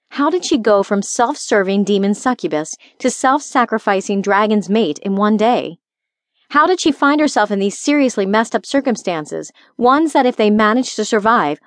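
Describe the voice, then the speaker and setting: A woman narrating a fantasy romance audiobook in a steady, even storytelling manner. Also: medium pitch, no echo, clean studio sound. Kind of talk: scripted narration.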